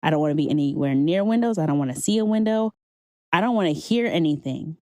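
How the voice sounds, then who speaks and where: A woman hosts her own podcast, sharing a personal faith story earnestly and conversationally while encouraging listeners. Her low, darkish voice is animated and fast, captured in a dry recording.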